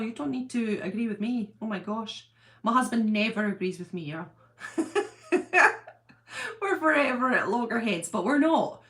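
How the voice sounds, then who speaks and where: Chatty rambling middle-aged woman. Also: a little high. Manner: chatty, rambling, laughs often. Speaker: livestream host. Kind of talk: casual live chat reading viewer comments.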